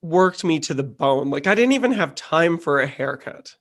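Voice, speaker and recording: Sassy, joking man, somewhat high voice. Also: lively intonation, a bit bright. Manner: sassy, quick-witted, joking. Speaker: podcast co-host. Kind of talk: casual chat.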